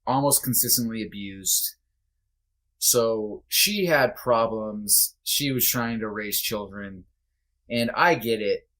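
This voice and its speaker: Earnest man, low-pitched, halting. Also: a bit bright. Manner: earnest, halting, reflective with restarts. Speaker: podcast guest. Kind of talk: candid conversation.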